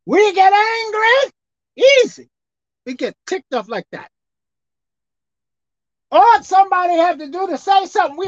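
Woman pastor, high expressive sermon voice, soft to shouting, dull dry recording. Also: no echo. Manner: preaching with dramatic swings from soft to shouted.

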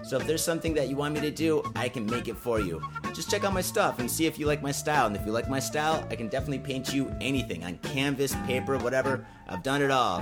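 A man hosting a casual drinking podcast, talking loudly with lots of swearing and laughter. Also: medium pitch, expressive, quick pace, over loud music. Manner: loud, profane, laughing. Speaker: podcast host. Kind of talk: casual drinking-show chat.

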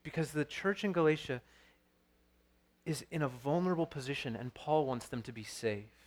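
A man's voice: on the high side, normal speed. A man in his thirties preaching a sermon as pastor, earnest and storytelling, with frequent restarts.

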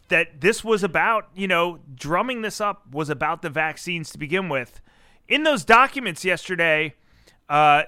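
A man's voice: fairly high pitch, bright, forceful tone, clear, resonant tone, no room sound, studio quality. A man hosting a podcast interview, talking conversationally with frequent fillers. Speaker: podcast host.

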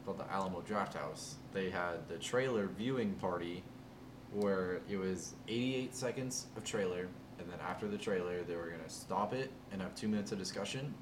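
A young man with a lowish voice chats with his co-host, dropping dry, wry remarks. He sits back from the mic, and clear background noise runs under his voice. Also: moderate pace, echoey room, far from the mic. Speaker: podcast co-host. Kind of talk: casual chat. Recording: noisy, set back from the mic.

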